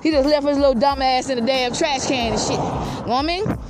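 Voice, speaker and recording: A woman's voice: high-pitched, fast, loud music behind the voice. A woman telling a rambling comic story, cussing and tagging lines with filler questions.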